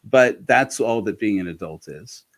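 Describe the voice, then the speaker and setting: A man's voice: fairly low pitch, unhurried. Candid man telling stories with restarts. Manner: frank, animated, with frequent restarts. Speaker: interview guest. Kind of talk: candid conversational storytelling.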